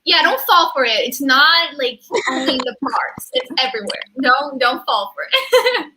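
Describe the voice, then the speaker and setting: A young woman hosting a casual group video chat, chatty and animated, laughing often. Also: high-pitched, moderate pace, noisy background. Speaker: host. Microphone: video call.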